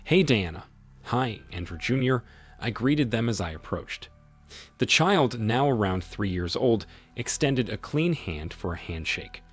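A man narrating a scripted first-person story in a measured, expressive reading. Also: fairly low pitch, breathy edge, soft background music.

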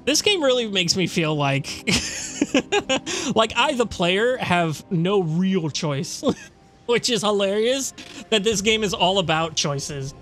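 Lively, high-voiced young gamer man. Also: slow pace, faint music behind. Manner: swearing, laughing, rambling. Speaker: let's play host. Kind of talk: casual gameplay commentary.

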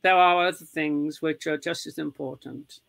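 A woman guest in an interview, talking in a rambling, halting way with many fillers. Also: deep voice, fairly even intonation, creaky, a bit bright, no room sound. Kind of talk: casual chat.

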